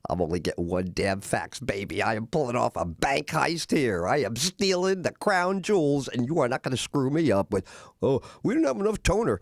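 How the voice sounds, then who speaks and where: Middle-aged man, radio host, storytelling monologue, animated pitch, dry studio mic. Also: normal speed, few pauses, dry recording. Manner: animated, acts out other voices in his anecdotes; frequent "uh" fillers.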